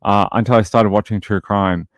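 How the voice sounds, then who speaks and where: A man's voice: on the low side, steady tone, normal speed, dry recording. An Australian man hosting a true crime livestream, casually reading out viewer comments and answering them in a blunt, opinionated way with lots of fillers.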